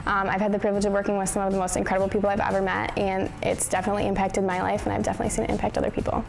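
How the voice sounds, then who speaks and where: A woman's voice: mid-range voice, little pitch movement, very fast, vocal fry, music in the background. A young woman, a sorority president, speaking earnestly in an interview testimonial. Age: young adult.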